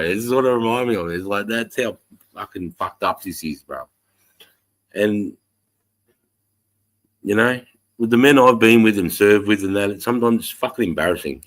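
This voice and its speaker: A man's voice: on the low side, a bit bright. An Australian man hosting a casual livestream chat, ranting with heavy swearing. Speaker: livestream host.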